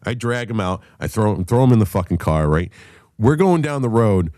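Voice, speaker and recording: A man telling a profane story on a casual podcast, animated and loud in the telling. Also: lowish voice, a little fast, no echo, clean studio sound. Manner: animated storyteller, shouts when acting out others.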